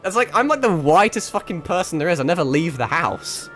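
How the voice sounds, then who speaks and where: A man's voice: on the high side, very animated, fairly quick, a bit bright. A young man with a mixed northern English accent, chatting casually to his livestream while gaming, rambling, swearing and laughing often. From England. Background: faint background music.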